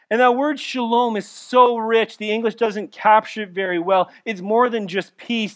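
High-voiced male pastor preaching. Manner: earnest preaching, swings from loud emphasis to soft, intimate asides. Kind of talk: sermon.

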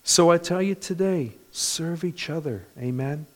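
A male pastor preaching a sermon in a church, animated, with bursts of loud emphasis. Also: on the high side, measured pace.

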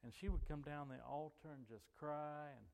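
A male pastor with a slightly high, creaky, somewhat mellow voice preaches at a moderate pace, his words trailing off in long reverb in the church sanctuary. His sermon is folksy and conversational, full of stories for the congregation and frequent "you know"s.

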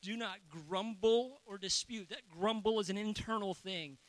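A man's voice: sits high, moderate pace, no room sound. A man preaching a sermon as a pastor, chatty and joking with his congregation.

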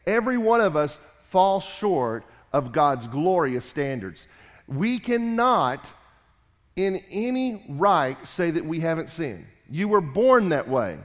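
A man preaching a sermon, emphatic and repetitive, rising loud and dropping quiet. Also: a little high, sing-song, slow pace. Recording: long hall reverb.

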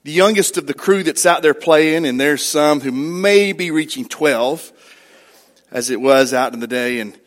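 Middle-aged man preaching a conversational sermon. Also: fairly high pitch. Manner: conversational storytelling, asks the congregation questions. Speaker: pastor.

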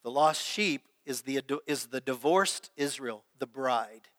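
A man's voice: mid-range voice, expressive, a little slow, fairly bright tone. A man preaching a sermon as pastor, talking conversationally and putting questions to his congregation. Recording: long hall reverb.

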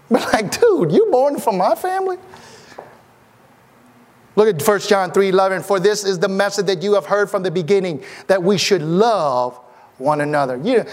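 A man preaching a sermon in church, with animated, rising exclamations. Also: high-pitched, moderate pace, long pauses. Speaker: pastor. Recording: long hall reverb.

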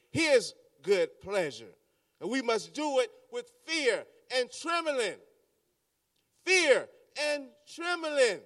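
Male pastor, sermon, repeats phrases, unhurried delivery, distant mic in a church. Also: extremely high pitch, fairly bright tone, no echo, clean studio sound.

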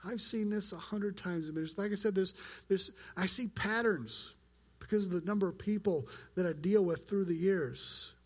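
A man's voice: high voice, moderate pace. A man preaching a sermon as pastor, earnest and conversational, acting out quoted lines.

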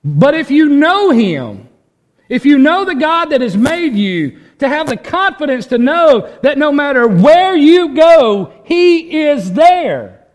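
A man preaching a sermon in earnest, swinging from loud emphasis to a hushed voice and often repeating words as he restarts. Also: very high-pitched, sing-song, takes it slowly. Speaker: pastor.

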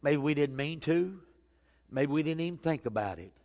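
A fairly high-voiced man preaches in a church, telling his story with big swings between loud, urgent passages and hushed, quiet ones. His voice rings with a long reverb from the sanctuary around him. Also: animated, normal speed. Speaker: pastor. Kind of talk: sermon.

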